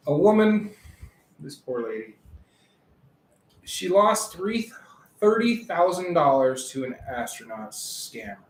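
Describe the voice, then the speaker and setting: A man with a somewhat high voice chats casually on a podcast, often breaking into laughter as he tells a story. The recording sits in a noticeably echoey room. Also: animated, takes it slowly, long pauses. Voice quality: laughs often while telling stories. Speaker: podcast co-host. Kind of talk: casual chat.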